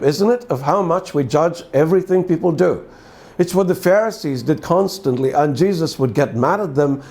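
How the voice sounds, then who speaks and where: A man's voice: on the high side, a little mellow. A man reading a gospel passage and then reflecting on it in a conversational preaching style, asking listeners questions with dry humor. He speaks with a distinctive accent. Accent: distinctive accent, often questioned. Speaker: preacher giving a daily devotional.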